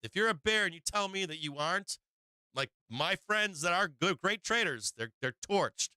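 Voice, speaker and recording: A man's voice: sits high, expressive, moderate pace, sharp tone, clean tone, no echo. A man hosting a live stock market stream, talking bluntly in casual commentary full of swearing and restarts, often laughing. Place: home live-stream setup.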